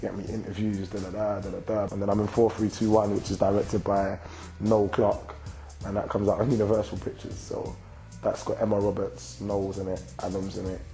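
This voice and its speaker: A London-accented rapper and actor in his twenties answers interview questions in a relaxed way, his slang-heavy speech constantly tagged with "you get me." His voice is on the low side and brisk, with soft background music and poor audio.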